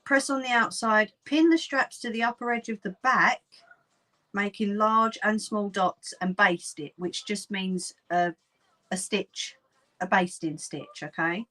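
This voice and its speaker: The audio is rough as this Cockney woman runs a casual live sewing chat, talking to viewers mid-task and laughing often. She speaks unhurriedly, with a medium pitch and a sharp tone.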